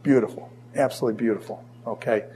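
Man, middle-aged, Bible teacher, classroom lecture, asks and answers his own questions, animated storytelling. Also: mid-range voice, fast, slight background noise. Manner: animated storytelling with jokes and asides.

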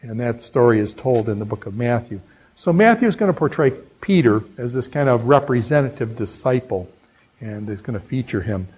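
A man teaching an informal Bible lecture, telling stories conversationally and sinking into hushed, earnest tones. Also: mid-range voice, lively intonation, brisk, breathy edge, low-quality recording. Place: New England.

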